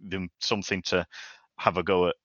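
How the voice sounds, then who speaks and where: A man co-hosting a gaming podcast in casual chat. He talks in a chatty way, with stumbling restarts, and is quick to laugh. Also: low-pitched, flat delivery, fairly bright tone, no echo, muffled recording. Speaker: podcast co-host.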